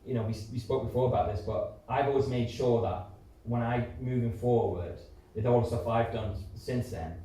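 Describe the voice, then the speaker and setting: A man in his thirties with a warm, medium-pitched voice speaks at a moderate pace. He's a musical theatre performer being interviewed live on stage before an audience in a community centre hall, talking candidly with many fillers and restarts. The audio is echoey, with a distant mic and faint noise.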